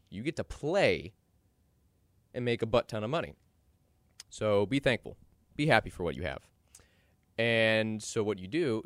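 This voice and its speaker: A man's voice: no room sound, clean studio sound. A young man from Dallas hosting a podcast, ranting opinionated commentary and getting worked up as he talks. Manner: animated, ranting, jumps in pitch when worked up. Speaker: podcast host.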